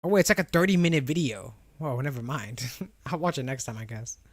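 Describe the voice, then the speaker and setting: A man's voice: medium pitch, lively intonation, brisk, no room sound, studio quality. A young adult man streaming, chatting casually with his viewers in a rambling way with lots of restarts. He has a slight lisp on R and W sounds. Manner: chatty, rambling, answers chat with frequent restarts and laughs. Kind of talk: casual live-stream chat.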